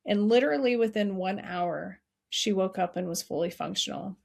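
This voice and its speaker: A woman's voice: medium pitch, gravelly, darkish tone. Earnest middle-aged woman telling a story. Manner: earnest, heartfelt, quick restarts. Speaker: podcast guest, nonprofit founder. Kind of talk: emotional personal storytelling.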